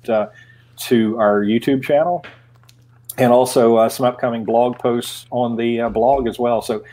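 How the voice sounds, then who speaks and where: A man appearing as a podcast guest in casual chat. He is playful and halting, with fillers. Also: mid-range voice, a little mellow. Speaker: podcast guest, drone consultant.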